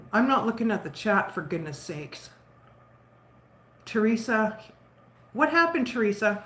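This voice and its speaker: A chatty woman in her fifties talks to her livestream viewers in an easy, rambling way, laughing between her thoughts. Her voice sits at an ordinary middle pitch. The roomy home kitchen adds a noticeable echo. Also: expressive, unhurried, long pauses, a bit bright. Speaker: livestream host. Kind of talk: casual chat with live viewers.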